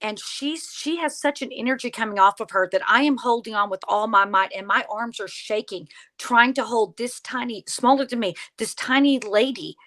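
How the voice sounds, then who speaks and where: A woman guest telling a story in conversation, animated, acting out the lines of the people in it. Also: a little high, moderate pace, hardly any pauses. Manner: animated, acts out quoted dialogue. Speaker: podcast guest, paranormal investigator.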